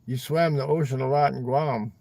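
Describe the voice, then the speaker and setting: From his car, a man hosts a casual livestream chat, rambling, swearing and finishing sentences with "man." His voice is medium-pitched and warm with vocal fry, fairly even in intonation at a normal speed, and the recording is dry.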